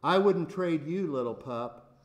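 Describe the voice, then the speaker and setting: A man's voice: on the high side, expressive, unhurried, roomy sound. A man voicing a tired, loving farmer in a fable, speaking tenderly.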